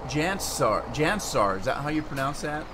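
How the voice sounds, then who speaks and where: American guy streaming a farm game, chatty, thinks out loud, talks to chat, engine noise under him. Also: a little high, big pitch swings, normal speed. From United States. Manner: chatty, thinks aloud and answers viewers' chat. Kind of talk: live gameplay commentary.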